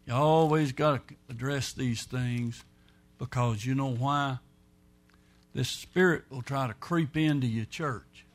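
A pastor preaching a folksy, rambling sermon, swinging between loud and soft. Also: male voice, medium pitch, slow pace, soft background music.

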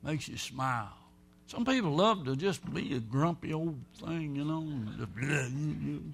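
A pastor preaching a folksy, rambling sermon, swinging between loud and soft. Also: male voice, a little high, lively intonation, normal speed, gravelly.

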